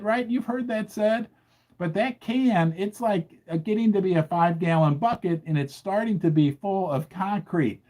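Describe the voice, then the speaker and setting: Animated, indignant male livestream host. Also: high voice, moderate pace. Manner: animated, indignant, keeps asking the audience questions. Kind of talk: livestream commentary.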